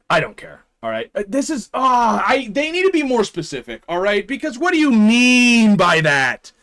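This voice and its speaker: A man's voice: high voice, fairly bright tone. A man streaming live, talking casually in an opinionated, rambling way and laughing often.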